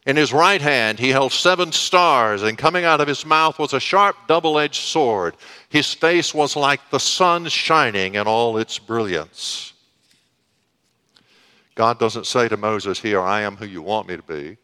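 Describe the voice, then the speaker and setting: A man preaching a sermon, slow and deliberate, with dramatic pauses. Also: medium pitch, bright, forceful tone, clean tone. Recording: long reverb of a hall.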